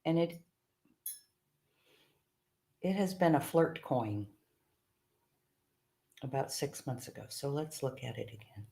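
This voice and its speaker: A woman's voice: extremely low pitch, lively intonation, slow, creaky, long pauses, mellow. A woman co-hosting a live stream in casual chat, chatty and giggly, often repeating herself. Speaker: co-host.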